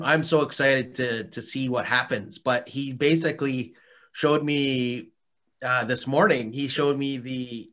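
Bright-voiced man, chatty and rambling. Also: mid-range voice. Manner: rambling, many fillers and restarts, laughs often. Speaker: interview guest, hot sauce maker. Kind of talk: casual interview chat.

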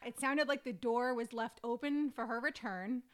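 A woman co-hosting a podcast, reading through case details and quoted statements at a steady pace. Her voice is somewhat higher than most women's. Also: normal speed. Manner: steady narration of notes and quotes. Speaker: podcast co-host.

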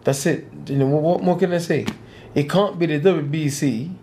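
A man's voice: a little high, moderate pace, warm tone, slight background noise. A man, a boxer talking bluntly and getting heated in an interview, repeating himself. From England. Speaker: professional boxer.

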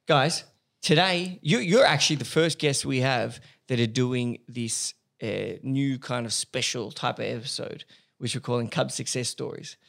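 A man's voice: medium pitch, normal speed, vocal fry, a bit bright. An upbeat man hosting a podcast in a chatty, casual way, laughing often. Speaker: podcast host. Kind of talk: casual chat.

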